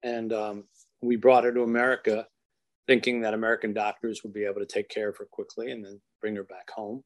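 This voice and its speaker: A man as an interview guest, telling a story in an earnest, measured way and slowing down for emphasis. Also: on the low side, flat delivery. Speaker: author and guest.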